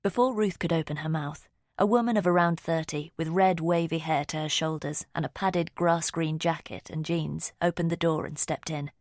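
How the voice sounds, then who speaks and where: A woman reading a mystery audiobook in a steady, measured storytelling voice. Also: low-pitched, no echo, clean studio sound. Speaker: audiobook narrator. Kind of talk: scripted narration.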